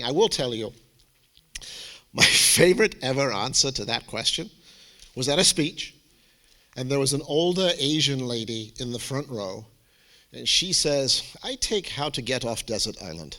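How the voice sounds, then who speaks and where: A man speaking as a college admissions adviser, giving a lively, theatrical presentation to students and parents. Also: on the high side. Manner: animated, theatrical, jokey storyteller.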